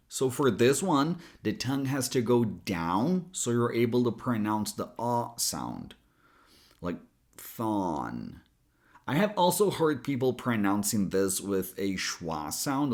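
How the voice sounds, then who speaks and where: Slow, lively-voiced male pronunciation coach. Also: medium pitch. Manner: slow, drawn-out demonstration of sounds. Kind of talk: pronunciation lesson.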